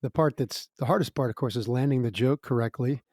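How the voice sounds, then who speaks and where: A man's voice: mid-range voice, brisk, darkish tone, dry recording. Chatty man with a dry, close sound. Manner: chatty, laughs between lines, many fillers. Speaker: musical guest. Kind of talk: casual storytelling interview.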